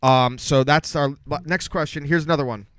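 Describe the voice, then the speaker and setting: A man's voice: a little high, steady tone, fairly quick, a bit bright, clean tone, dry recording. A man co-hosting a podcast in casual chat, joking and swearing as he asks questions. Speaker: podcast co-host.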